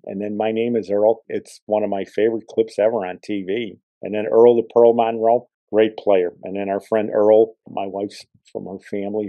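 A man's voice: on the low side, no echo, phone-quality sound. A man hosting a podcast, telling rambling personal stories in a casual, conversational way. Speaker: podcast host. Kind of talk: casual storytelling.

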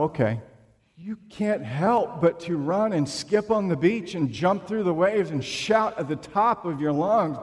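Slow, emphatic male preacher in a reverberant hall. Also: on the high side, a little mellow. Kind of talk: sermon. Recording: long reverb of a large room.

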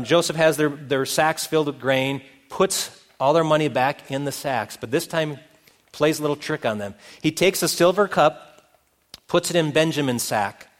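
Middle-aged guy preaching, tells the story and does the voices, slightly high voice, big echoey church hall. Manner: storytelling, acting out the characters' voices. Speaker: pastor. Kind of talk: sermon. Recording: long reverb of a hall.

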